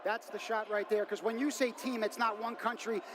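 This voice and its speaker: High-voiced hyped male arena commentator. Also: steady tone, a crowd in the background, background noise. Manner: fast, hyped, announcer-style delivery. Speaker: robotics competition commentator. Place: commentary booth in a noisy arena.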